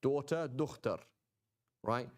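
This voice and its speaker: A man at a middle pitch teaches a relaxed, chatty class. He keeps checking in with his listeners and slips in easygoing jokes as he explains. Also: slow pace. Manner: chatty, checks in with "right?" and "okay?"; joking asides. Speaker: Quranic Arabic teacher. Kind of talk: informal class lecture.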